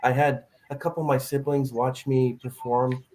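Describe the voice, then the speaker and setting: An animated male podcast host chatting casually with a guest. His voice sits in a middle pitch, and he tells stories with plenty of energy, slipping into little acted-out quotes along the way. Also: moderate pace, slight background noise, poor audio. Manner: animated storyteller, acts out quotes. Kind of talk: casual chat.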